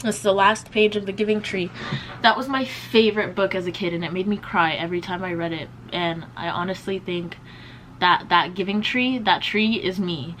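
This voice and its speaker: A woman's voice: mid-range voice, normal speed, a bit bright, slight background noise, low-quality recording. Chatty young woman, slangy casual talk. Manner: chatty, slangy, lots of "like" and "bro". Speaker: beauty vlogger. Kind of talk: casual chat while doing makeup.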